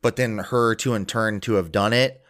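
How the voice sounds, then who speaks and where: A man's voice: lowish voice, steady tone, normal speed, fairly bright tone. A man co-hosting a podcast, talking in a laid-back, crude, rambling way. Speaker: podcast co-host. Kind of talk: casual chat.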